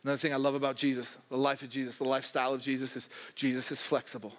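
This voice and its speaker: A man's voice: medium pitch, flat delivery, racing, fairly bright tone, long reverb tail. A young man preaching a sermon in a conversational, joking way, acting out quoted voices. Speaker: pastor.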